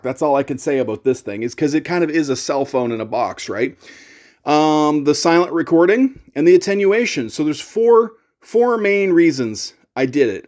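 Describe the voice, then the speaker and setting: A man's voice: fairly high pitch, a little mellow. A middle-aged man hosting a casual gear vlog, talking in a chatty, rambling, self-deprecating way. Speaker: YouTuber and pedal demo host.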